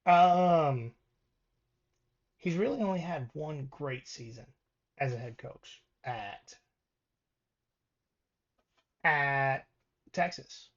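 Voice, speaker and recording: A man's voice: fairly high pitch, very slow, long pauses. Man talking football stats, dull sound. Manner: reads stats with many ums and restarts. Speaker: podcast co-host. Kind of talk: casual sports talk.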